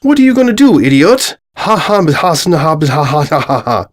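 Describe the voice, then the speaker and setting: A man doing a shrill cackling bully. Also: very animated, moderate pace. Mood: taunting. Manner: mocking, shrill laughter.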